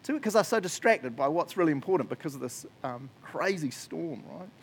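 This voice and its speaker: A man's voice: fairly high pitch, expressive, brisk, husky. A man giving a casual, joking sermon, often laughing as he talks. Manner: chatty, jokey, laughs often. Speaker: preacher.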